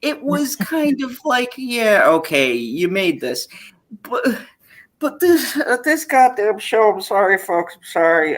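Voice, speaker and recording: A woman's voice: mid-range voice, big pitch swings, takes it slowly. A woman hosting a casual stream, ranting in a profane, exasperated way with frequent laughter. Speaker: streamer hosting an open chat.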